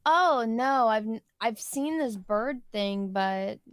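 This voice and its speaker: A woman's voice: a little high, slow pace, clear, resonant tone, no room sound, clean studio sound. Chatty young woman giggling easily. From rural ranch upbringing. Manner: relaxed, chatty, giggles often. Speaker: guest. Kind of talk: casual podcast chat.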